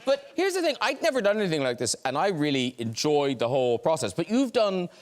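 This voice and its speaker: An Irish man hosting a chat show, asking his guests quick, playful questions. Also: fairly high pitch, sing-song. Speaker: talk show host. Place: TV studio with audience. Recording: loud studio audience and noise.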